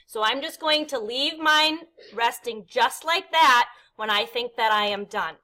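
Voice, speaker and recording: A woman teaching a kindergarten clay lesson, with a high voice that sits above most women's. Her tone is bright and clear as she explains each step patiently and counts along with the actions. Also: a little slow. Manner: patient, step-by-step, counts aloud and makes meow sounds. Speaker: art teacher. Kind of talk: instructional demonstration.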